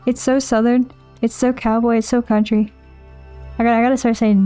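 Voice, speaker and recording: A woman live-streaming a game, with a slightly high, soft and mellow voice. She rambles along cheerfully, thinks aloud about her moves and answers her chat. Faint game music sits under her talk. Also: flat delivery, brisk. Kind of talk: casual live-stream chat while playing.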